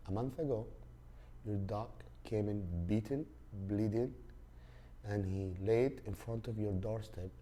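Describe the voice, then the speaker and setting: A podcast host from Saudi Arabia tells a casual story in a voice on the low side and a little mellow. He rambles, with many fillers and restarts.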